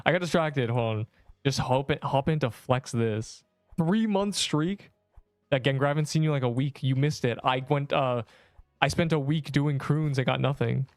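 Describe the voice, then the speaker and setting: A young male streamer chatting casually over gameplay, with a voice of ordinary middle pitch. He jokes, rambles and teases his viewers. Faint game music plays softly behind him. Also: dry recording. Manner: joking, rambling, teasing viewers in chat. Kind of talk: casual gameplay livestream chat.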